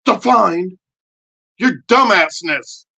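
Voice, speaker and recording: A man voicing a brash, foul-mouthed male puppet who yells crude motivational rants. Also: sits high, expressive, drawn-out words, vocal fry, slightly rough, pitched above the performer's own voice, full character voice, rough recording. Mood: ranting. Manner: yelling, crude, hyped-up motivational rant.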